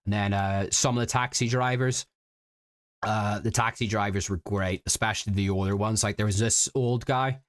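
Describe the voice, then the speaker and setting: A man's voice: on the low side, steady tone, normal speed, dry recording, clean studio sound. A man from Britain telling stories in a casual stream. He rambles and halts, with many fillers and restarts. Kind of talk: casual storytelling chat.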